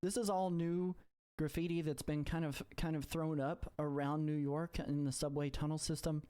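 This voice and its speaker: Halting tabletop game master. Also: medium pitch, little pitch movement, mellow. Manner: halting, many repeated words and fillers.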